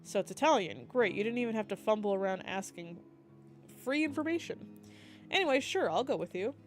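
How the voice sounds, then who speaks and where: A woman's voice: mid-range voice, lively intonation, fairly quick, faint music behind, close to an everyday voice. A woman voicing a casual young woman player character with a playful, sarcastic way of talking. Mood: wry.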